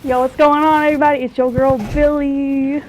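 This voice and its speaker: A woman's voice: sits high, level tone, fairly quick, darkish tone, slight background noise, close to an everyday voice, poor audio. A woman playing a spacey, slacker young pop star in a comedy sketch, rambling in a laid-back, slangy drawl. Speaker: celebrity guest parody.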